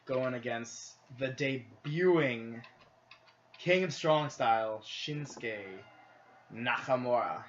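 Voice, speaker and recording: A man's voice: medium pitch, slow. A young man with a Midwestern accent giving earnest, sometimes announcer-style picks in a casual chat while gaming. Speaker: podcast co-host. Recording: lo-fi audio with clear background noise.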